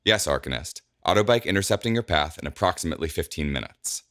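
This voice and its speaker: A man voicing a calm, precise AI assistant. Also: low-pitched, fast, dry recording, clean studio sound. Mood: matter-of-fact. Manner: even, precise.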